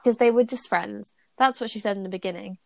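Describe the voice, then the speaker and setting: A woman co-host who reads a story aloud and breaks off to chat. She's blunt and animated, with a mid-range voice. The sound is dry and close. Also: medium pitch, quick pace, creaky, no room sound. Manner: animated, blunt, swears freely. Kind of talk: casual chat and story reading.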